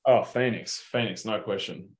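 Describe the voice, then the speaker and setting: A man's voice: lowish voice, moderate pace. A young Australian man telling stories in a casual interview, laid-back and slangy with plenty of swearing. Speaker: guest basketball player.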